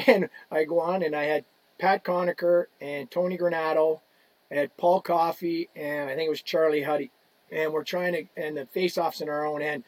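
A man telling a story on a podcast as a guest, animated, swearing often and acting out what people said. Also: fairly high pitch, moderate pace, no room sound, poor audio. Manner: animated, swearing, acts out quotes. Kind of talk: casual storytelling.

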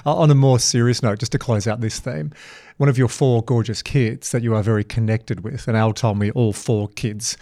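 A man's voice: mid-range voice, fairly even intonation, normal speed, warm tone, no echo, clean studio sound. Playful, teasing male podcast host. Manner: enthusiastic, playful, teasing banter. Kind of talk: casual interview.

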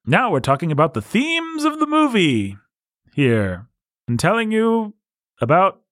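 A man's voice: high-pitched, sing-song, a little slow, fairly bright tone, dry recording, clean studio sound. Wry man chatting about a movie. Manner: wry, sarcastic, laughs often. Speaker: podcast co-host. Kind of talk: casual movie discussion.

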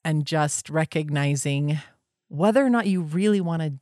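A woman co-hosting a podcast in casual, enthusiastic conversation, breaking into animated voices when she quotes others. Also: sits low, normal speed, dry recording, clean studio sound.

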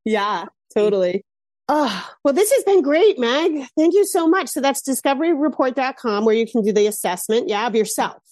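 A woman hosting a casual podcast interview, energetic and frank, swearing casually. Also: high-pitched, normal speed, no echo, clean studio sound. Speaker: podcast host.

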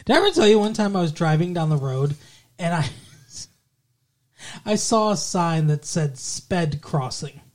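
A man's voice: on the high side, big pitch swings, unhurried, a little mellow. Joking man co-hosting a podcast. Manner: joking, tells crude jokes and laughs often. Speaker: podcast co-host. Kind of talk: casual podcast chat.

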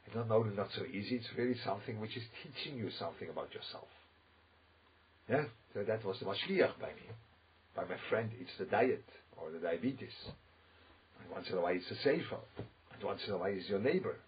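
Rabbi type, husky and lowish, emphatic and digressive, dull lo-fi recording. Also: male voice, lively intonation, brisk. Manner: rambling, emphatic, full of asides and quoted voices. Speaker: rabbi giving a talk. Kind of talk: informal religious talk.

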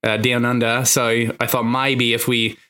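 A man's voice: mid-range voice, flat delivery, normal speed, bright, forceful tone. A man co-hosting a podcast in casual, jokey banter, laughing often. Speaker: podcast co-host, therapist.

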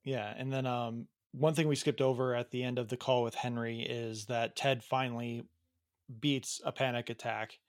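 A man's voice: mid-range voice, fairly even intonation, moderate pace, no echo, clean studio sound. A man from the United States co-hosting a podcast, chatting playfully about a TV show and laughing easily. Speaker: podcast co-host. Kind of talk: casual chat.

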